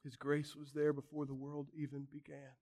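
High-voiced man preaching a sermon. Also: completely flat delivery, normal speed, darkish tone. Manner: emphatic preaching with repeated phrases. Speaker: pastor.

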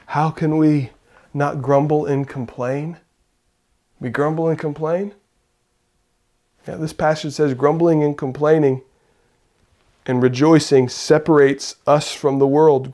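A male pastor preaching a sermon, building to loud fervent peaks and dropping to hushed, intimate passages. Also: medium pitch, fairly even intonation, measured pace, long pauses.

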